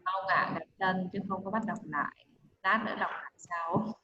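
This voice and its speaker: On a video call, a woman English teacher teaches an online class, switching between English and Vietnamese as she quizzes her students. Her medium-pitched voice is steady and a little fast. The audio is roomy, dull and a bit muffled, with a noisy background.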